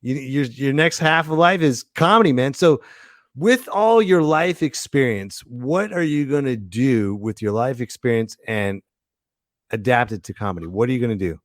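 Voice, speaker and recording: A man's voice: medium pitch, animated, normal speed, no room sound, clean studio sound. A man hosting a casual podcast interview, enthusiastic and encouraging toward his guest. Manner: enthusiastic, hyping up the guest, calls him man and brother. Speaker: podcast host.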